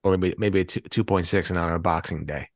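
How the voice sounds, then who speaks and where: A man's voice: low voice, steady tone, fast talker, dry recording, clean studio sound. A man co-hosting a podcast, chatting casually about a film, rambling and swearing freely. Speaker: podcast co-host. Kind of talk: casual movie-review chat.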